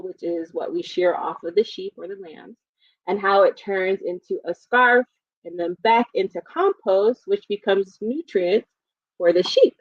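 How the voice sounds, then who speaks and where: A woman librarian leading a live storytime for young children, reading aloud and explaining in a gentle, encouraging way. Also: mid-range voice, no room sound, lo-fi sound.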